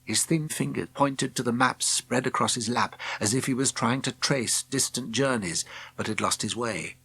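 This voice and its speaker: A man narrating a children's storybook with expressive, gentle storytelling. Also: medium pitch, normal speed, creaky, husky. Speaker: audiobook narrator.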